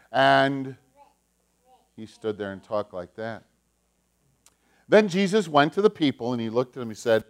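A pastor telling a story to children during a sermon, in an animated, emphatic way. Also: male voice, mid-range voice, a little slow, pauses often.

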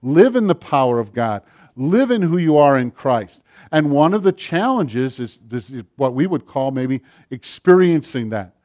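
A middle-aged man preaching a sermon, rising to loud passages and dropping to near-whispers. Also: medium pitch, sing-song, moderate pace. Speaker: pastor.

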